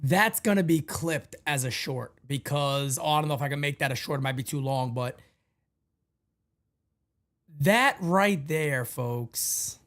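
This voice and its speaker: A male host of a fan show, emotional and ranting, swinging from low muttering to shouting. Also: expressive, measured pace.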